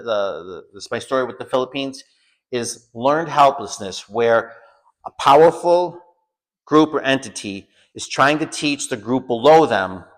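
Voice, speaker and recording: American male teacher, mid-range voice, animated storyteller who performs the quotes. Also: medium pitch. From United States. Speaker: home school teacher. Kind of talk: lecture with personal story.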